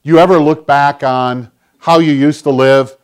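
An older man preaching a sermon, earnest, often dropping to a hushed voice when voicing prayer. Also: fairly high pitch, steady tone, a little slow, smooth. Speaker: pastor.

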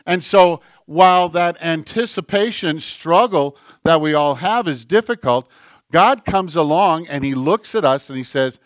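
A man's voice: fairly high pitch, animated, a little slow, no echo, clean studio sound. A man preaching a sermon as pastor, earnest, with a repetitive, building cadence.

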